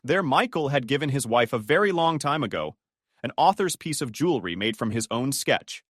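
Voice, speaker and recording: A man's voice: mid-range voice, lively intonation, normal speed, a bit bright, dry recording, studio quality. A man doing scripted dramatic narration in an emphatic manner.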